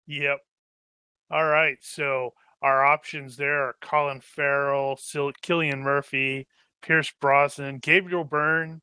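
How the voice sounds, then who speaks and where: A man leads a casual planning chat for a tabletop campaign. His voice is bright and edged, recorded dry and close. He rambles, jokes, and loses his train of thought mid-sentence. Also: a little high, flat delivery, slow, clean tone, dry recording. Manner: rambling, joking, trails off searching for names. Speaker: game master.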